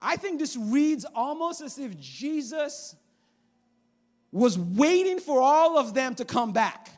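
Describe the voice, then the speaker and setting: Very high-voiced man preaching a sermon. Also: takes it slowly. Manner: animated, acting out voices in the story. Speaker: pastor. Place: church sanctuary.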